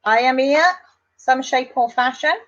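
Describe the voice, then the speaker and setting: A woman's voice: sits high, fairly even intonation, unhurried, muffled recording. An English woman hosting a casual live stream, chatting and reading out viewer comments in a rambling, affectionate way.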